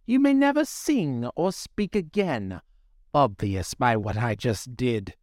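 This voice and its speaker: A man's voice: mid-range voice, animated, slow, darkish tone, no room sound, studio quality. A man voicing a cruel old female sea witch, scornful and menacing in her speech.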